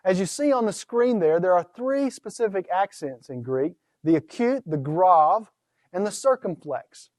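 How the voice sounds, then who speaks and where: A man's voice: high-pitched, expressive, a little slow, a little mellow, no room sound. A man teaching a recorded course lecture on Greek pronunciation, posing questions to his students and answering them himself. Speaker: Greek instructor.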